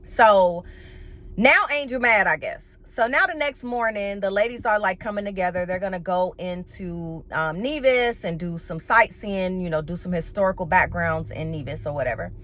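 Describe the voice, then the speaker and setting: A woman's voice: lowish voice, normal speed. A woman giving a casual, blunt and profane recap of a reality TV episode, full of sassy slang. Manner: animated, with playful slang.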